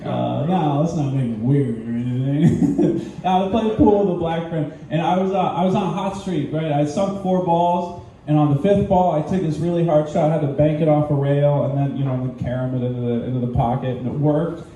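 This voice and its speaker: A man's voice: on the high side, a little fast, warm tone. A young man doing an open-mic stand-up set, rambling and self-deprecating with giggly asides. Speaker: stand-up comedian. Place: small comedy venue, indoors. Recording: echoey room, mic far off, faint noise.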